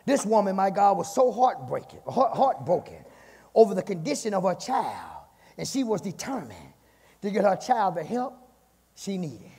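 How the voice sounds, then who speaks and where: A male pastor preaching a fiery sermon, punctuating lines with "my God" and swinging between shouts and hushed passages. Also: sits high, huge pitch swings, normal speed, breathy edge, big-room sound. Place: church sanctuary.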